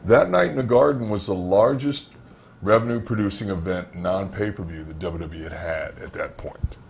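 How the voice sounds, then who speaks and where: Low-voiced man telling wrestling road stories. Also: normal speed, creaky. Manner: animated, acts out dialogue in anecdotes; frequent fillers and restarts, conversational. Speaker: former pro wrestler, interview guest. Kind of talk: storytelling shoot interview.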